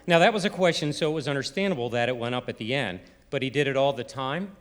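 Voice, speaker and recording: A man's voice: mid-range voice, fast talker, hardly any pauses, a bit bright. A middle-aged man from Maryland with a Baltimore accent, giving a humorous timed stage talk and imitating other people's voices. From Maryland, USA. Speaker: presentation speaker. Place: arts center stage before a live audience.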